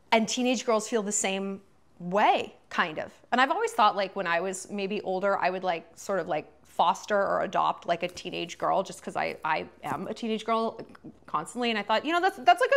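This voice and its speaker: A woman's voice: medium pitch, a bit bright. A woman host in her thirties giving a chatty, profane commentary monologue full of fillers.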